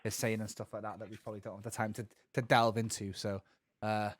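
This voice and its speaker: A man's voice: fairly low pitch, little pitch movement, quick pace, dry recording, clean studio sound. A man co-hosting a gaming podcast, talking casually and rambling with lots of restarts and asides. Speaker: podcast co-host. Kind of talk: casual chat.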